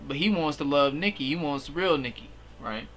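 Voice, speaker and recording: A young man giving a casual, slangy movie recap, animated and full of fillers. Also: fairly high pitch, moderate pace, slight background noise. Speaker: movie reviewer.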